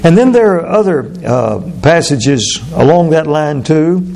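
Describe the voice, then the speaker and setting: A man preaching a sermon, speaking slowly and deliberately, then breaking into quick asides. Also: fairly high pitch, lively intonation, vocal fry, mellow. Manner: measured, drawn-out delivery with sudden fast asides.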